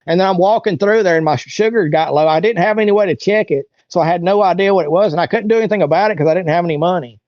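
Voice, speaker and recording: A man's voice: high voice, racing, hardly any pauses, dry recording, lo-fi sound. A man, an interview guest, telling a long personal story in a casual, rambling, colloquial way and acting out what others said.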